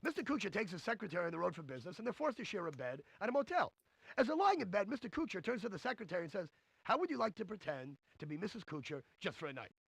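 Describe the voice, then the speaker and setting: A brash, corny stand-up comic in an old CD-ROM game, firing off hammy one-liners fast in a high, bouncy, gravelly voice. The recording is close and dry. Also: male voice, sing-song, fairly bright tone, no room sound, full character voice. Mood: joke-telling. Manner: brash, hammy joke delivery. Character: cheesy stand-up comedian man, brash and corny. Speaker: game's recorded comedian. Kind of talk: 1990s CD-ROM stand-up comedy routine.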